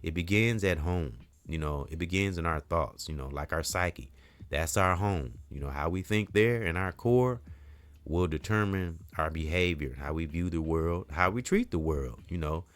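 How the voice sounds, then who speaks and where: A man's voice: low voice, normal speed. A middle-aged man talking straight to camera in a casual, earnest, rambling monologue, full of "you know" and the odd curse word. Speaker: community vlogger.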